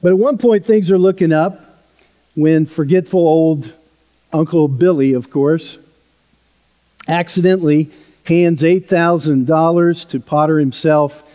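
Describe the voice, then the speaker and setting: A male pastor preaching a sermon in a church, telling a story in a conversational way that drops softly at times. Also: on the high side, a little slow. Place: church sanctuary. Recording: long hall reverb.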